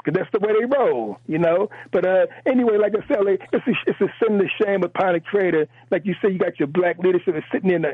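Fervent high-voiced caller. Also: male voice, slightly rough, no room sound. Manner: fervent, repetitive, stammers and restarts, tags "man" and "you know". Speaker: radio call-in caller. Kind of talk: impassioned call-in commentary. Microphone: telephone. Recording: phone line into a radio show.

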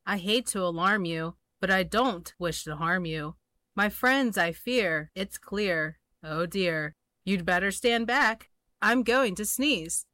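Woman reading as a gentle storybook elephant, male, slow and apologetic, a touch higher and louder than plain talk, dry close sound. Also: no echo. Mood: warning. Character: huge male elephant, polite and worried.

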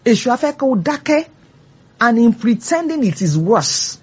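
A woman's voice: a little high, very animated, normal speed, slightly rough, dull audio. A woman leading a church Bible teaching, earnest and growing fervent as she exhorts her listeners. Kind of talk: church teaching with call-and-response.

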